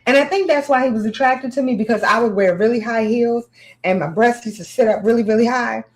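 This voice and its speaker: A woman in casual chat, telling a candid personal story with animated, frank delivery. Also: fairly high pitch, fairly quick, poor audio.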